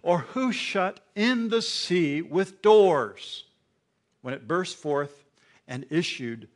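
A man's voice: high voice, expressive, slow. A man preaching a sermon, reading scripture aloud with emphasis and explaining it to his congregation. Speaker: pastor.

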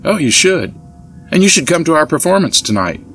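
A man's voice: fairly high pitch, very animated, fairly quick, a bit bright, soft background music, voice pushed up. A man doing a chatty young woman dancer. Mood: upbeat.

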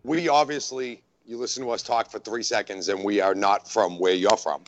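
A man's voice: lowish voice, steady tone, moderate pace, muffled recording. A man from New England with a Boston accent, co-hosting a podcast and telling rambling stories. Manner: rambling, storytelling, laughs often. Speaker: podcast co-host. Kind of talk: casual podcast chat.

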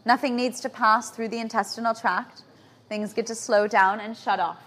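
A woman giving a lecture as a natural hygienist, often checking in with her audience through quick tag questions. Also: a little high. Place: lecture venue in Bali.

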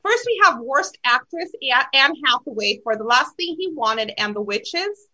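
A woman co-hosts a loose, casual conversation about films. Her voice sits high and sounds bright and crisp. She talks in an animated way. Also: normal speed, highs cut off. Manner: animated, reads out nominee lists. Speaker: podcast co-host. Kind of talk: casual group chat about movies.

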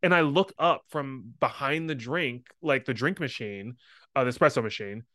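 A young man co-hosting a podcast, telling a story in an animated way, laughing often and acting out voices. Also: mid-range voice, normal speed, no echo, clean studio sound. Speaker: podcast co-host. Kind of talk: casual chat.

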